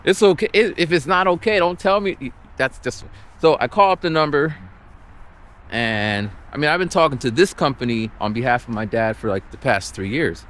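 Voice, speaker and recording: A man ranting and telling a story while walking outdoors, exasperated and animated. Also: fairly high pitch, normal speed. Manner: exasperated, animated, acts out the people he quotes. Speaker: vlogger.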